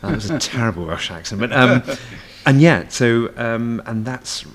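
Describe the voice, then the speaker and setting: A man's voice: mid-range voice, animated, unhurried. A man, a stage performer, chatting as a guest in a casual cafe interview, rambling with many fillers and restarts.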